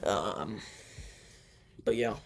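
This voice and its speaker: A young man hosts a casual livestream and talks straight to his viewers. His voice has a gravelly, fry-laden edge. He drifts between points with lots of fillers and pushes back on their takes. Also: fairly low pitch, extremely slow, fairly bright tone, slight background noise. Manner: loose and chatty, many fillers, argues weather takes. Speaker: livestream host.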